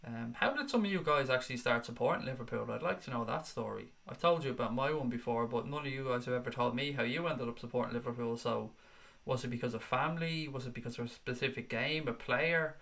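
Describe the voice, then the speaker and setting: During a casual livestream for football fans, the male host reads out viewer comments and replies, swearing freely. His mid-range voice is creaky and a bit bright, and he talks at a quick pace.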